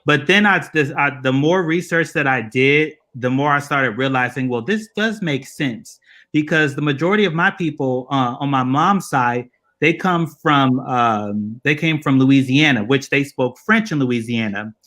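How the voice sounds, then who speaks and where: A man's voice: mid-range voice, normal speed, a bit bright. A man co-hosting a casual panel, telling stories in a loose, profane, laughing way. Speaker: co-host.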